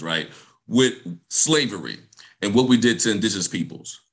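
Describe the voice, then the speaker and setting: A man giving a passionate guest talk in a medium-pitched voice. He speaks emphatically, repeating key phrases for effect. He often checks in with his listeners as he goes. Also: a bit bright. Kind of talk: passionate presentation.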